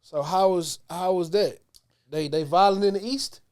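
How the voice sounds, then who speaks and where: A man hosting a podcast, asking short questions and reacting quickly in casual chat. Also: high voice, darkish tone. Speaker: podcast host.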